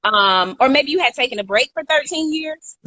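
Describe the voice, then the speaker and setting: A woman's voice: sits high, expressive, normal speed, sharp tone. A woman co-hosting a casual talk show, telling a long story in a chatty way and stopping to correct her own slips with a laugh. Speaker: co-host.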